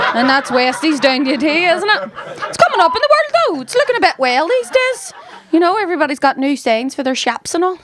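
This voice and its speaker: A woman's voice: a little high, background noise. A woman from West Belfast with a Belfast accent doing a stand-up set, with brash, sweary banter aimed at the crowd. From West Belfast, Northern Ireland. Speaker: stand-up comedian. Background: live audience laughing.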